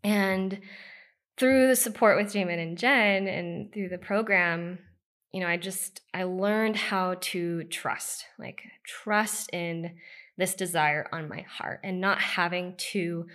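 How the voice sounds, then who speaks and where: A woman's voice: lowish voice, takes it slowly, fairly bright tone. A woman in her thirties from the United States speaks as a podcast guest. She tells her personal story in a candid, heartfelt way. Her speech is loose and conversational, full of "like" and "you know.".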